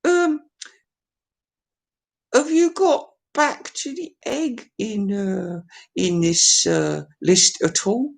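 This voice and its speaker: A man voicing a squeaky, timid male sidekick who politely interrupts with questions. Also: very slow, gravelly, long pauses, heavily acted. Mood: timid asking. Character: squeaky-voiced male sidekick called Socrates.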